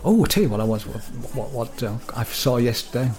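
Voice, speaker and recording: A British man co-hosts a casual podcast, speaking fast in a medium-pitched, darkish voice with big swings in pitch. He rambles, restarts sentences, and laughs frequently.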